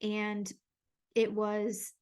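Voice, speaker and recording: A woman's voice: mid-range voice, monotone, very slow, a little mellow, clear, resonant tone. A woman hosting a podcast, talking frankly and openly in a casual solo monologue, often filling with "like" and "you know". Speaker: podcast host. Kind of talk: candid solo podcast talk.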